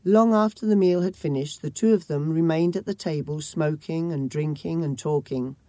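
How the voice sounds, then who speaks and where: A woman reading a first-person memoir-style story in a measured, grave manner. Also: deep voice, mellow, no echo. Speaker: audiobook narrator. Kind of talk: first-person audiobook narration.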